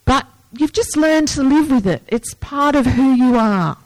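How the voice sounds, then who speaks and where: Slow, earnest woman preacher. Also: high-pitched, no echo, rough recording. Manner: earnest, breaks into lively movie-yelling asides. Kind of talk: sermon.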